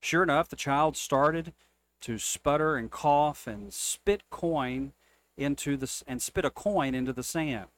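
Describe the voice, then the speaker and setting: A man reading church jokes aloud as a co-host, in an unhurried storytelling delivery. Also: a little high, fairly bright tone.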